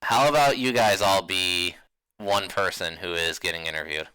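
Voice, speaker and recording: A man running a tabletop game, chatty and quick to laugh. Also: low-pitched, smooth, no room sound. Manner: laughs often, relaxed and chatty. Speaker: game master.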